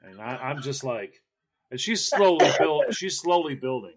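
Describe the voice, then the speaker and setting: A man's voice: mid-range voice, expressive, normal speed. A man telling a long, rambling story in casual podcast chat, with many fillers and restarts.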